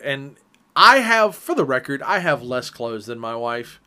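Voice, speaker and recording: A man co-hosting a casual chat, telling stories in an animated, teasing way. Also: mid-range voice, measured pace, clear, resonant tone. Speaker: podcast co-host.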